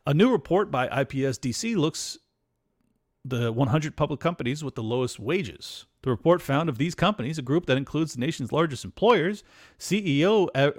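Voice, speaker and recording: A man hosting a political commentary show, ranting in a sarcastic, mocking way and swearing freely. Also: on the high side. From United States. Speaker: podcast host.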